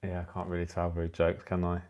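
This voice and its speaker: A man in his forties hosts a relaxed livestream from his phone, his low voice thick with gravel. He sounds tired and keeps cracking jokes and laughing at them while he chats with viewers. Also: fairly quick, lo-fi sound. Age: 40s. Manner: jokey, chatty, laughs at his own jokes. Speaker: aquascaping channel host. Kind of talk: casual livestream chat with viewers. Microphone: phone used for the livestream.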